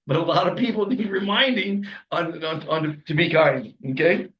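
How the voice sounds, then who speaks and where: Man, high voice, rambling, emphatic, motivational podcast host. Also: moderate pace, lo-fi sound, a little hiss or hum. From Los Angeles, USA. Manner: rambling, emphatic, chuckling asides. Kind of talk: motivational monologue.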